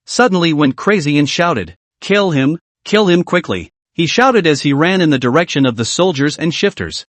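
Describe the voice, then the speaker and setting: A man giving scripted narration of a comic recap in a steady dramatic storytelling manner. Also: a little high, no echo.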